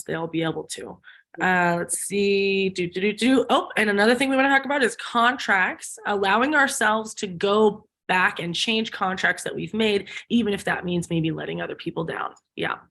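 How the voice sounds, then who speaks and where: A woman's voice: lowish voice, fairly bright tone. Chatty woman hosting a spiritual chat. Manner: chatty, thinks aloud with fillers and giggles. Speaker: host.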